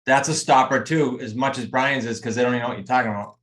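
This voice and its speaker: A man's voice: medium pitch, fairly even intonation, fast, fairly bright tone. A man coaching a group over a video call, talking emphatically and straight to his students. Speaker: real estate coach.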